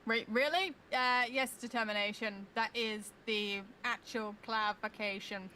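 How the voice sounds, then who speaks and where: A woman co-hosting a casual stream, blunt and teasing with crude humor. Her voice is a touch high and bright, with faint noise behind it. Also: steady tone, measured pace. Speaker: livestream co-host. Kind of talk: casual livestream chat.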